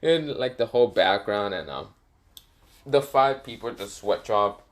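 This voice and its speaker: A man's voice: on the low side, animated, a little slow. Guy rambling through a made-up fan story, lots of uhs and ums, correcting himself as he goes. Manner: rambling, many fillers and self-corrections. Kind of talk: improvised fan story narration.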